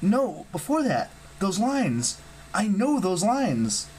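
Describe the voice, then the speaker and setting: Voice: medium pitch, sing-song, slow pace, a little mellow, slight background noise, voice pushed up, rough recording. A reader voicing a determined, earnest teenage boy hero in a storybook.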